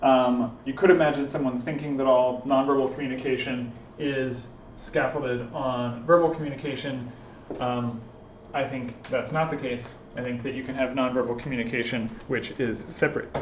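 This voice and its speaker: A man's voice: medium pitch, fairly even intonation, moderate pace, far from the mic, a little hiss or hum. A man speaks to a small group in an informal lecture, thinking aloud and circling back with fillers as he works through his points. The room sounds echoey, and the recording is dull and lo-fi.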